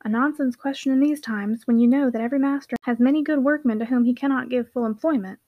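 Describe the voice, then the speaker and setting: A woman's voice: high-pitched, fast, dry recording, highs cut off. A woman playing a blunt, kindly older father. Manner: blunt, soothing.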